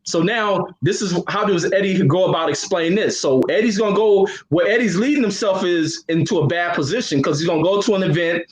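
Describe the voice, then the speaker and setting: A man's voice: sits high, a little fast, few pauses, echoey room, poor audio. A man co-hosting a live boxing talk stream, emphatic and rambling, with frequent filler sounds.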